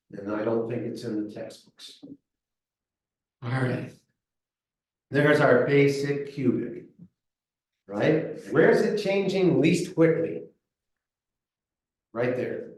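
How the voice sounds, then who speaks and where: Male math teacher, counts aloud while working, very echoey room, distant mic. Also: mid-range voice. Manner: talks while writing, counting aloud, checks in with "right?". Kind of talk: whiteboard math lesson.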